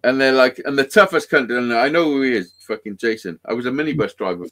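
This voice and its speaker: Speaking fast in a mid-range voice, this podcast guest tells a meandering tale over casual conversation. He's animated and swears heavily throughout.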